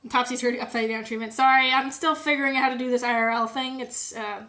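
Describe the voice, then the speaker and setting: A woman's voice: a little high, fairly even intonation, fast talker, bright, forceful tone, a little hiss or hum. A woman from Canada chatting casually to her viewers on a home live stream, rambling with fillers and the odd swear word. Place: home, indoors.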